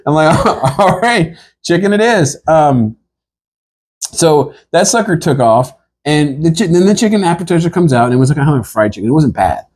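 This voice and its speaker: Husky man telling a rambling comic story. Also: on the high side, brisk. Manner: rambling, animated, laughs through his story.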